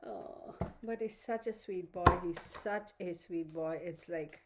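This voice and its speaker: A woman's voice: fairly low pitch, heavy background noise. Chatty woman tarot vlogger. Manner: chatty, laughs often, baby-talks to her dog. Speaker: tarot reader, channel host. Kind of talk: casual chat to viewers.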